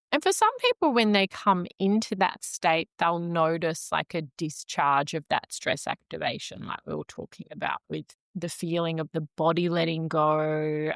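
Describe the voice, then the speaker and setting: A woman guest on a podcast, explaining the nervous system in a calm, measured, teacherly way with frequent "like" and "um". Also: lowish voice, no room sound, studio quality.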